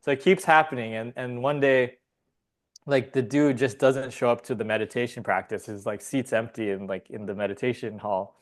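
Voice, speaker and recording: Male podcast guest, rambling, laughing, swearing, casual chat, mid pitch. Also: fairly even intonation, normal speed.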